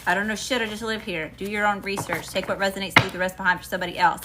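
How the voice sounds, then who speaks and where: A woman's voice: medium pitch, little pitch movement, very fast, hardly any pauses, heavy background noise. A woman from Mississippi with a Southern accent, giving a chatty, emphatic tarot reading to her viewers. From Mississippi, USA. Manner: chatty, emphatic, slangy with frequent "y'all" and "okay?". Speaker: tarot reader.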